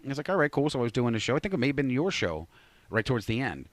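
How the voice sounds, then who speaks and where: A man's voice: medium pitch, big pitch swings, racing, no echo. A man in his forties, a radio host, chatting casually and telling a story while acting out both sides of a conversation. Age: 40s. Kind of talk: casual chat.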